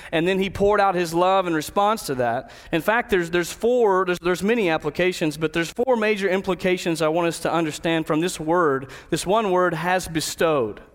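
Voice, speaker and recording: A man preaching a sermon, telling a personal story and then slowing down to stress key words of a Bible verse. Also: high-pitched, smooth, long reverb tail. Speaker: pastor.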